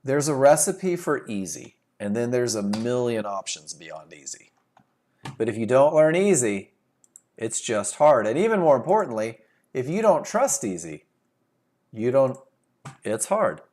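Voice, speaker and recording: A man's voice: medium pitch, very animated, unhurried, a little mellow. A man leading a live trading class over a computer microphone, firing rhetorical questions and repeating his key points for emphasis. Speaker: trading instructor. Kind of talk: live webinar teaching.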